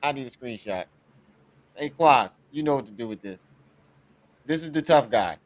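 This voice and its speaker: A man's voice: mid-range voice, expressive, normal speed, no echo. A man hosting a livestream, reacting to clips with casual commentary, laughing often and talking profanely. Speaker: livestream host.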